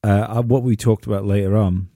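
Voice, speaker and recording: A man's voice: on the low side, steady tone, fairly quick, warm tone, no room sound, studio quality. A man hosting a podcast, telling stories in a rambling way with many restarts. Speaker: podcast host. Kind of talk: casual podcast chat.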